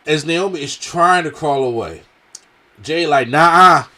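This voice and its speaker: A man's voice: on the high side, lively intonation, a little slow, fairly bright tone. A man reviewing a wrestling show in casual slangy talk, with a strained throat, acting out what the wrestlers said.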